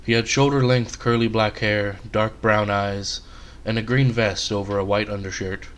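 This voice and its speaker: Low-voiced man narrating his story. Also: steady tone, moderate pace, a bit bright. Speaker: author reading his own story.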